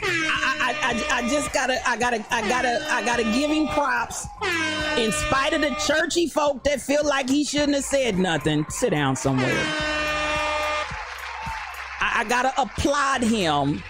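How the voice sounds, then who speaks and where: A woman's voice: high-pitched, a little slow, over loud music, over a noisy crowd. A woman hosting a livestream, ranting about church folk in a fired-up, preachy way, repeating her phrases. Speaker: host. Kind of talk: livestream commentary rant.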